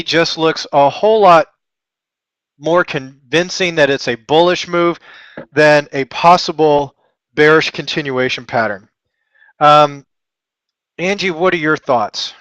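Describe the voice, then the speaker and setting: Texas guy hosting a trading lesson, kinda high voice, rambly and jokey, makes fun of himself, dry sound. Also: slow pace, long pauses, a bit bright, smooth, dry recording. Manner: chatty, joking and self-deprecating, rambling asides. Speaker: trading webinar host. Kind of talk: live trading lesson, thinking aloud.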